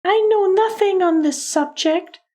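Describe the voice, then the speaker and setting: A woman's voice: very high voice, unhurried, darkish tone, pitched above the performer's own voice. A woman voicing a composed, haughty society lady in a prim, arrogant manner.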